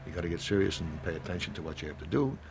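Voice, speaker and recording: Gravelly older man in his seventies. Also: low voice, lively intonation, darkish tone, a little hiss or hum. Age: 70s. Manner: rambling, halting, acts out little dialogues. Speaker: interviewee. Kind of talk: reflective interview talk.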